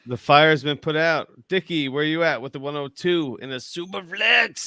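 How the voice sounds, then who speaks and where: An excitable man hosts a loose podcast chat, laughing and swearing as he quizzes his panel. His voice is bright and crisp, and the close mic sounds dry, with no room around it. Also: on the high side, moderate pace, few pauses, dry recording. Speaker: podcast host. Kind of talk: casual chat.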